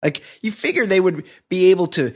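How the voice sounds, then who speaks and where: A man's voice: high voice, lively intonation, a little fast, breathy edge. A man co-hosting a podcast, casually retelling a film's scenes in a rambling way with frequent laughs. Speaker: podcast co-host. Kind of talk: casual movie review chat.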